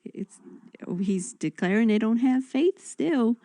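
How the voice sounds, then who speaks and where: A woman's voice: on the high side, expressive, slow pace, mellow, no echo. Woman reading verses then chatting about them, very dry sound. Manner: reads verses then comments conversationally. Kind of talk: reading and discussing scripture.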